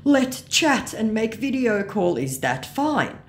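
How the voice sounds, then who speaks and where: A pushy male scammer begging in clumsy, broken English, pitched up high and loud, as a woman reads his lines. He drags his words out slowly, halting and pleading with every phrase. The voice stays flexible and sing-song. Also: very animated, a little hiss or hum, heavily acted.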